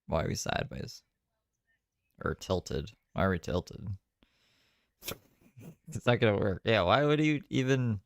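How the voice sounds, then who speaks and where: A man's voice: fairly low pitch, sing-song, a little slow, gravelly, long pauses, no room sound, studio quality. A man chatting casually on a live stream, rambling and swearing with laughing asides. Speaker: streamer reacting to another creator's live.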